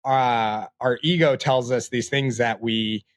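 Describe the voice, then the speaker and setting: A man in his late twenties, a podcast guest, talking in a reflective, halting way with many fillers. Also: mid-range voice, fairly even intonation, no echo. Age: 20s. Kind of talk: casual interview talk.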